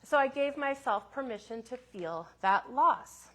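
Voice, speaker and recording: A woman minister telling a personal story in a sermon, in a gentle, reflective way with soft asides. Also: high-pitched, expressive, measured pace.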